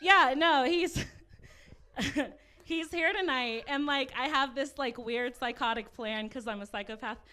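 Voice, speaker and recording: Bright, chatty woman doing stand-up. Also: high-pitched, a little slow. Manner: chatty, self-deprecating, giggly asides. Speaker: stand-up comedian. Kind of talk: stand-up comedy set.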